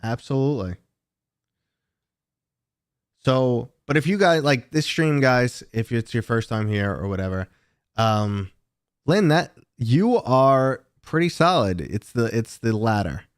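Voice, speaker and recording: A man with a New York accent, hosting a casual livestream and chatting with viewers in a talkative, relaxed way. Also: mid-range voice, measured pace, smooth, dry recording, studio quality. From New York City. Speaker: livestream host.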